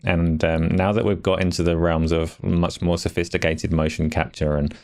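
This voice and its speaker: A man's voice: low-pitched, level tone, normal speed, darkish tone. A man co-hosting a casual gaming podcast, wry and laid-back. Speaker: podcast co-host.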